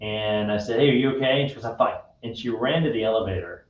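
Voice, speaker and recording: A man hosting a radio show, telling a personal story in a friendly, unhurried way. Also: lowish voice. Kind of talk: casual faith-based chat. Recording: echoey room, distant dull mic.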